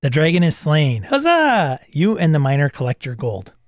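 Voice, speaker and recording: A man's voice: medium pitch, a little fast, a little mellow, dry recording, clean studio sound. A man hosting a tabletop game channel, narrating the game casually with wry, mumbled asides. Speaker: host.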